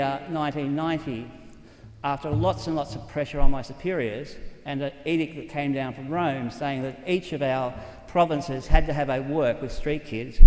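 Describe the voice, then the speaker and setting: A man's voice: medium pitch, a little mellow. An older Australian man, a Catholic priest, telling stories in an earnest, conversational way. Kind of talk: storytelling talk. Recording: echoey hall reverb.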